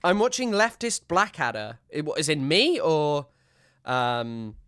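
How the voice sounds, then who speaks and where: Casting: young man from Southwest England, streamer, rambling and jokey, with a clear, smooth voice, dry close sound. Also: on the high side, big pitch swings, unhurried, fairly bright tone, no room sound. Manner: joking, rambling. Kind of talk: casual stream commentary.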